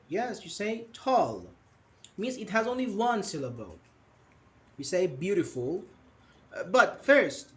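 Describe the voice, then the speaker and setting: A young man teaching English grammar in a live online class, patient and questioning, repeating words slowly. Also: fairly high pitch.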